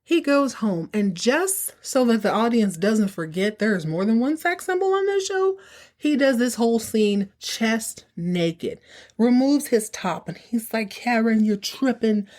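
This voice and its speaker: A woman hosts a podcast and recaps episodes in casual, chatty tones. She keeps things sassy, slipping in quick asides along the way. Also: a little high, animated, a little mellow. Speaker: podcast host.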